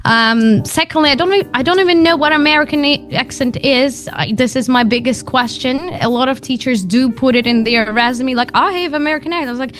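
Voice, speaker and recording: A woman's voice: sits high, brisk, few pauses, fairly bright tone. Laughing woman with slight British tinge. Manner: laughing often, stammering repeats. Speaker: guest, homeschool consultant and teacher. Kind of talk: casual interview chat.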